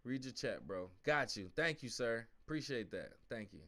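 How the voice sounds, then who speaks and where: A young man hosting a live-stream sports watch-along, casual and slangy, switching between low mumbled asides and loud outbursts at the plays. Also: normal speed. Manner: excitable, swings from mumbling asides to shouting at the game; uses slang like fam and bro.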